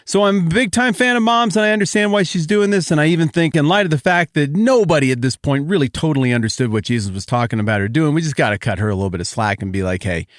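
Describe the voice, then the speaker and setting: A man hosting a Bible podcast, teaching in a joking, animated way that swings from excited to quiet. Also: on the high side, quick pace, hardly any pauses, no echo, clean studio sound.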